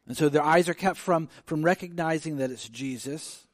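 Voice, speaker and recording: A man's voice: a little high, moderate pace, dry recording, studio quality. Chatty man preaching a sermon. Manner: conversational, animated storytelling with many fillers. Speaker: pastor.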